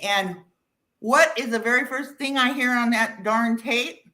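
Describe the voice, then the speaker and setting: A middle-aged woman guest telling a personal ghost story in casual chat, animated and quick to laugh. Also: low-quality recording. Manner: animated, laughs often, drops low for quoted voices. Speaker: guest caller.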